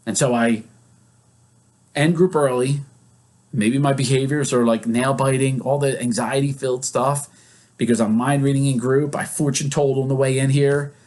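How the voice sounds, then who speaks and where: A man's voice: medium pitch, fairly even intonation, normal speed, darkish tone. Man teaching in a casual, conversational way. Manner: acts out example scenes in quoted voices; conversational, with many fillers. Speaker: psychologist leading therapy groups.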